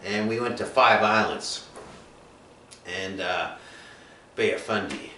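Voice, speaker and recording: A man telling his own life story in a rambling, halting way, full of fillers and restarts. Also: fairly low pitch, sharp tone. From Nova Scotia, Canada. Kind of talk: personal storytelling monologue. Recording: echoey room, mic at a distance, faint noise.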